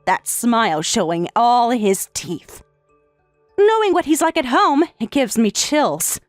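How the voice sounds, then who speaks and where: A woman's voice: on the high side, animated, slow pace, no echo, soft background music. A synthetic woman's voice reading a tired young wife who answers back firmly and pointedly. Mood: defiant. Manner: firm, pointed replies. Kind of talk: text-to-speech story reading.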